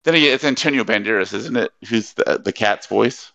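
This co-host of a book podcast has a voice on the low side, pushed and bright with vocal fry, and talks a little fast. He chats casually, hesitating with fillers now and then, and reads quotes aloud. There's no room sound, and the lo-fi mic makes him sound dull.

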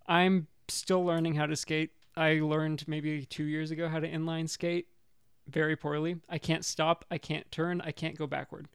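A man's voice: a little high, little pitch movement, moderate pace, smooth, no room sound, clean studio sound. A young man co-hosting a podcast, telling a rambling, self-deprecating story in casual chat. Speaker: podcast co-host.

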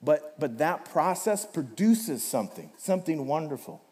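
A man's voice: a little high, very animated, moderate pace, a little mellow, long reverb tail. A man preaching a sermon as pastor. He talks in a conversational way and puts direct questions to the congregation. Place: church hall.

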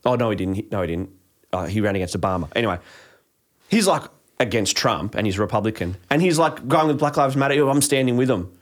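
A man's voice: fairly low pitch, animated, fast talker. A man in casual podcast chat, ranting heatedly with frequent swearing and restarts. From Australia.

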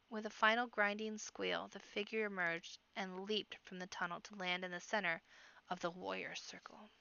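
A woman reading a children's fantasy book aloud in an expressive amateur audiobook narration, now and then correcting herself. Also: mid-range voice, gravelly, dry recording, dull audio. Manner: expressive reading with character voices and occasional self-corrections. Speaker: audiobook reader.

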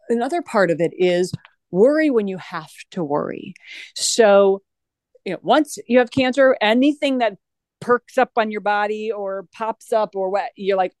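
In a conversational interview, a female guest talks in a mid-range voice, earnest and animated, with many restarts. There is no room sound.

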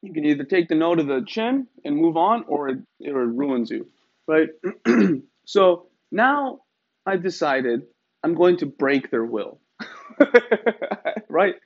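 A man's voice: on the high side, sing-song, slow pace, pauses often. A man from Iran telling a story in a wry, emphatic way, often adding rhetorical tags. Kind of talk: casual storytelling. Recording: slightly dull, lo-fi sound.

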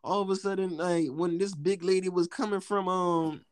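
A young man telling a rowdy, profane story with lots of laughter and acted-out quotes. His voice sits mid-pitch, recorded dry and close with no room sound. He talks loosely and casually, jumping into punchlines. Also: steady tone, moderate pace, no room sound. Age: young adult. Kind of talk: casual chat.

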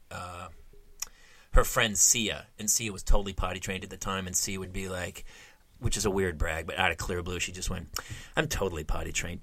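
Male co-host, bright, dry close mic, animated profane storyteller. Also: deep voice, dry recording. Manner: animated, profane, acts out quotes. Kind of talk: casual storytelling chat.

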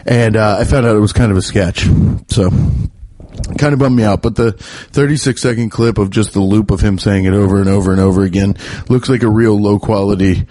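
A man hosting a comedy podcast in a rambling, profane, jokey way, his pitch jumping up when he gets worked up, recorded while pacing in his bedroom. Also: mellow. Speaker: podcast host. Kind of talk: casual comedic monologue. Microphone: podcast mic while pacing.

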